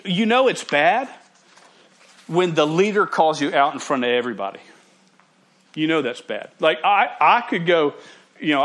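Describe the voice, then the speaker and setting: Animated pastor joking with students. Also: male voice, a little high. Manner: animated, joking, with frequent restarts. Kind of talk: sermon.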